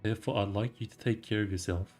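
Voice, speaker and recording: A man reading the lines of a calm, gentle male commander in a soothing, measured way. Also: lowish voice, faint music behind, natural voice. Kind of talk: reading game dialogue aloud.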